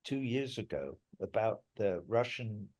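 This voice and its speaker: A man's voice: on the low side, sing-song, a little slow, darkish tone. An older man, a musician guest in an interview, telling stories in a rambling, emphatic way and swearing now and then. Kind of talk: interview storytelling.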